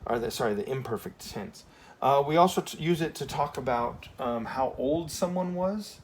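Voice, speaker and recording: A man's voice: medium pitch, expressive, moderate pace. A man with an ordinary mid-range voice walks a class through Spanish verb tenses in a loose, conversational way. He keeps checking in with "okay?" and corrects himself on the fly. A faint hiss sits under the classroom recording. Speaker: Spanish teacher. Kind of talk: casual classroom lesson at a whiteboard.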